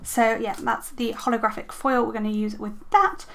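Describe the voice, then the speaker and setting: A young adult woman chatting casually as a planner vlogger at her desk at home, talking through her stickers with lots of ums and quick self-corrections. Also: a little high, fairly even intonation, creaky, a bit bright, a little hiss or hum. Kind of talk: casual show-and-tell chat.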